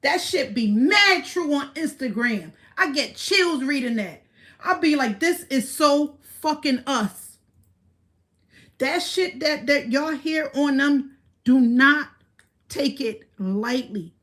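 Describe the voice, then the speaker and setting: A woman's voice: high voice, animated, slow pace, a bit bright. A woman hosting a livestream, ranting casually in a blunt, profane, boastful way. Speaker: livestream host.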